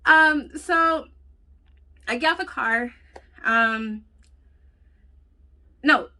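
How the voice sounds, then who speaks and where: A woman vlogger telling a personal story in a blunt, profane, animated way. She has children. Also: sits high, very slow. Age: adult with children. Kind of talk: casual storytelling vlog.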